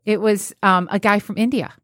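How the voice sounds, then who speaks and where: A woman's voice: medium pitch, normal speed, no echo, clean studio sound. A woman relationship expert telling stories in casual talk-show chat, acting out the people she quotes. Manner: animated storyteller, acts out quotes.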